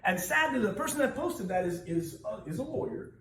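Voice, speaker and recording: Brief: high, lively man in an echoey room. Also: a little fast. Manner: animated, joking, blunt, swears freely. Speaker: speaker at a business networking meeting. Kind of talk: humorous motivational storytelling to a group. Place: meeting room with a live audience. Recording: echoey room from far off with crowd.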